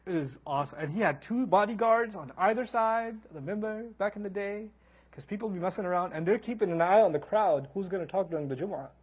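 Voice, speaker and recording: Guy teaching quran with jokes, highish husky voice, acts out little characters, kinda muffled lo-fi recording. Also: quick pace. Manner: animated storyteller, acts out quoted characters. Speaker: Islamic teacher. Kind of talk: humorous Quran lecture.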